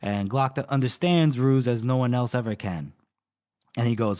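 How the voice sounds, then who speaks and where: A man's voice: mid-range voice, expressive, moderate pace, darkish tone. Casual man retelling a story. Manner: rambling retelling with quoted dialogue and fillers. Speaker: podcast co-host. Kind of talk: casual book recap.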